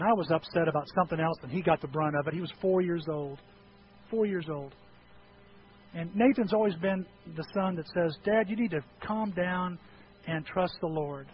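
Middle-aged guy preaching, high-ish voice, goes from loud to real quiet, faint hiss behind. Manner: animated storytelling, acting out voices, swings from loud to hushed. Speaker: pastor. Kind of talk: sermon. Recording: dull lo-fi recording with faint noise.

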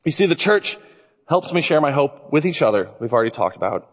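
Man preaching, lively storytelling, slightly husky, high-ish voice, church reverb. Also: a little fast. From Illinois. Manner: animated storytelling. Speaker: pastor. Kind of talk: sermon.

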